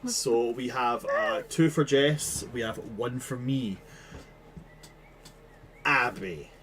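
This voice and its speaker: A man's voice: medium pitch, huge pitch swings, slow pace, fairly bright tone, low-quality recording. A man running a tabletop game, chatting casually after the session, swearing freely and laughing often. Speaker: game master. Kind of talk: casual post-session chat.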